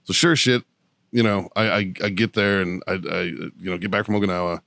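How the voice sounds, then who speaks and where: Low-voiced man swearing through a story. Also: fairly quick, gravelly, no echo, studio quality. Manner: profane, animated anecdote telling; acts out quoted people in his story. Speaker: podcast co-host. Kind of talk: casual storytelling chat.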